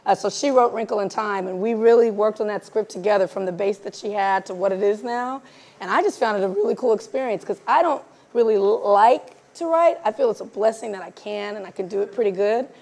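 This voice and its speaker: A woman from South Los Angeles, a guest filmmaker answering questions in a live conversation, animated and laughing often as she acts out conversations. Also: medium pitch, brisk. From South Los Angeles, USA.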